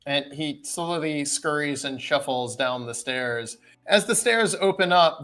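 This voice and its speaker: A man narrating a tabletop game as dungeon master, in a slightly high voice. His delivery is casual and relaxed, with plenty of fillers. He describes the action at an easy pace. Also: smooth.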